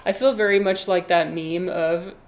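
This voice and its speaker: A woman's voice: on the low side, fairly even intonation, moderate pace. A young woman livestreaming a game, chatting in a rambling, casual way while reading chat. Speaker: streamer.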